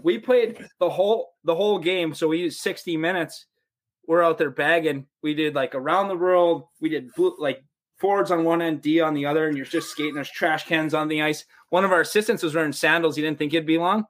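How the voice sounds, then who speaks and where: This young American man sits somewhere in the upper middle of the male range as he spins loose, profane hockey stories. He keeps his telling casual and jumps into lively quoted voices for coaches and teammates. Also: a little high, a little fast. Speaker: podcast guest, pro hockey player. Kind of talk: casual storytelling.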